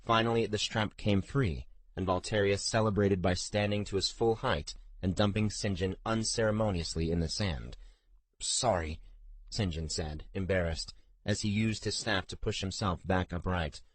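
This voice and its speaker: A man narrating a fantasy audiobook in a measured, steady storytelling manner. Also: sits low, no room sound.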